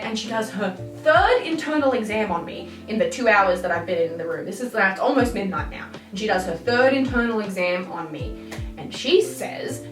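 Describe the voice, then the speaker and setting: A woman's voice: mid-range voice, far from the mic. A young woman vlogging a candid, rambling story in an exasperated storytime manner. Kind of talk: storytime vlog. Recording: roomy echo, off-mic, music behind.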